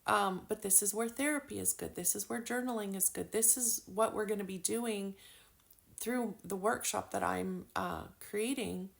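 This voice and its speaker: This spiritual card reader speaks at a moderate pace, her medium-pitched voice creaky. She chats her way through a casual oracle-card lesson, peppering it with fillers and the odd curse word.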